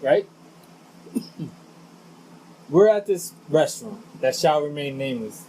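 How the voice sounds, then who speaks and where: On a low-quality recording with a little hiss or hum, a podcast co-host with a highish voice speaks slowly. He's lively in the casual chat, teasing his friends and laughing a lot.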